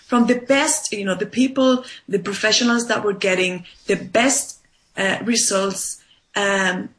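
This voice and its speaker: A woman's voice: mid-range voice, fairly even intonation, unhurried, a bit bright. A woman life coach explaining her method in an interview, emphatic and repeating points for stress. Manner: emphatic, repeats points with "right?" and "you know". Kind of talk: conversational interview.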